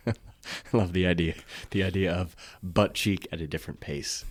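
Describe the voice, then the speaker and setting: A man's voice: deep voice, steady tone, normal speed, dry recording. A man co-hosting a podcast in casual chat, laid-back, swearing now and then and restarting his words. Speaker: podcast co-host.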